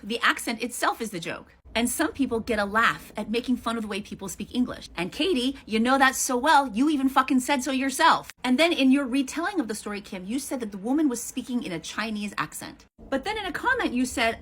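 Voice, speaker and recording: A woman's voice: fairly high pitch, a bit bright, breathy edge. A woman answering a critic in a heated response video, blunt and confrontational, swearing freely.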